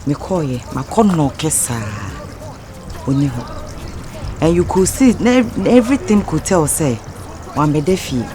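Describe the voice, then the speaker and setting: A woman's voice: low voice, expressive, moderate pace, pauses often, a crowd in the background. A woman with a Ghanaian accent playing a miserable young wife who complains about her husband in a mix of Twi and Pidgin English. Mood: distressed. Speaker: distressed wife. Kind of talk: Ghanaian comedy film acting.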